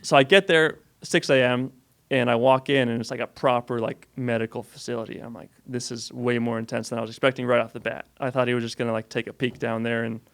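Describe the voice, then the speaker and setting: A man's voice: mid-range voice, steady tone, fast, gravelly. A young man telling a story casually as a podcast guest, rambling with lots of "like". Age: young adult. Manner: rambling, says "like" a lot, laughs through his story.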